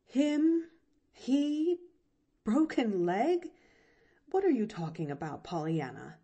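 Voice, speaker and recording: A woman reads as a stern, impatient aunt in an audiobook, cold and clipped. Her low, mellow voice moves with lively rises and falls but stays slow and measured. She sounds exasperated and strict. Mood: puzzled.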